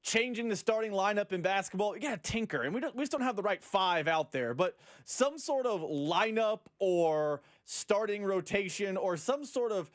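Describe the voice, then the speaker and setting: A man co-hosts sports talk radio, working through his points out loud in a conversational way. His voice is pitched high for a man. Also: expressive, normal speed, few pauses.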